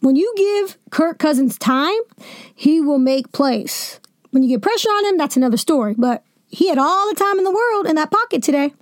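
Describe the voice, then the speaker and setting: A young woman hosting a sports podcast, venting about a football game in a jokey, animated way with asides. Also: high voice, moderate pace, no echo, studio quality. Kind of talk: casual sports commentary.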